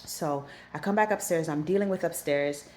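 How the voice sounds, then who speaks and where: Woman, vlogger, casual storytelling, low voice, animated, repeats herself, faint background hiss. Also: moderate pace. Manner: animated, repeats herself when recounting panic. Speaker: aquarium hobbyist vlogger.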